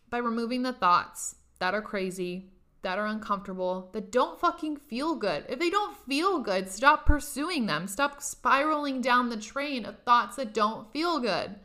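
A woman's voice: a little high, pushed and bright. A young woman hosting a podcast, giving a casual motivational talk, emphatic and profane, often laughing. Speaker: podcast host.

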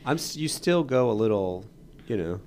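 A man in his thirties, a guest on his wife's podcast, talking in a relaxed, teasing, literal-minded way. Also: fairly low pitch, moderate pace, a little hiss or hum. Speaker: podcast guest, host's husband. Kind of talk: casual chat.

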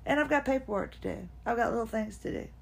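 A woman's voice: a little high, animated, quick pace, gravelly. A woman in her fifties hosts a casual personal monologue from home. She rambles from one thought to the next and sometimes talks to herself. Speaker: podcast host. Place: at home, seated.

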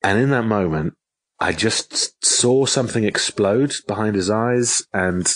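A man, an author telling a story in an interview, lively and given to repeating and restarting his phrases. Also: lowish voice, measured pace. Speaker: author and guest.

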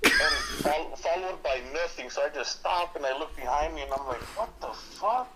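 A man's voice: a little high, brisk, sharp tone. A man in casual podcast chat, telling an embarrassing story, swearing freely and laughing a lot. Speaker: podcast guest. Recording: noisy podcast recording.

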